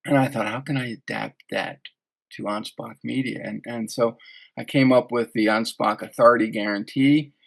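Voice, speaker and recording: A man hosting a podcast, talking in a relaxed, conversational way about his own business. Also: medium pitch, normal speed, creaky. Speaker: podcast host. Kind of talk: casual interview chat.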